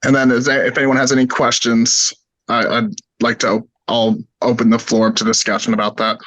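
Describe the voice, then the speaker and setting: Hoarse man presenting on a call. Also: mid-range voice, flat delivery, a little fast, a bit bright, dry recording, rough recording. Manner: hesitant, many ums. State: hoarse, coughing. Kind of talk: virtual meeting presentation.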